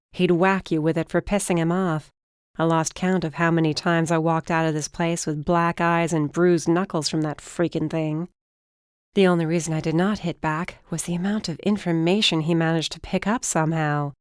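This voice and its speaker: A woman narrating an audiobook in first person with a steady, even delivery. Her voice sits low and sounds smooth and resonant, recorded close on a studio mic in a dry booth. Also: dry recording.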